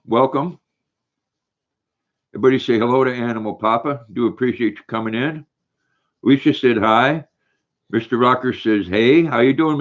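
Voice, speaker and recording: An older man hosting a casual livestream, reading viewers' comments aloud in a folksy way while eating. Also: mid-range voice. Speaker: livestream host. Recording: dull lo-fi stream audio.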